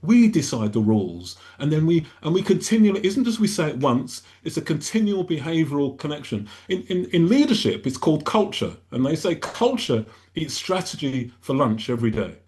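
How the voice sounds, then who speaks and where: A man's voice: a little high, big pitch swings, moderate pace, hardly any pauses, darkish tone. A male pastor talking earnestly on a radio panel, rambling and often restarting his sentences.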